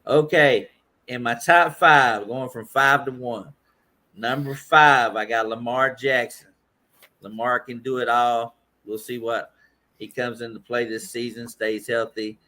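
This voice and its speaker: A man on a casual sports podcast, running through a ranked list in a relaxed way. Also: mid-range voice, unhurried.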